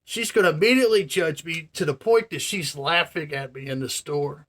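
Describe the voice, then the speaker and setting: A man's voice: fairly high pitch, moderate pace, fairly bright tone. A man telling viewers a story to camera in a casual, profane, ranting way. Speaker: vlogger.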